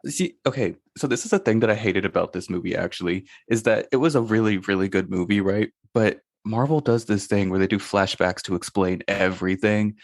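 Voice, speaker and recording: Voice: low voice, brisk, few pauses, a little mellow, no echo, studio quality. A podcast co-host in casual chat about a movie, laid-back and opinionated, cursing casually.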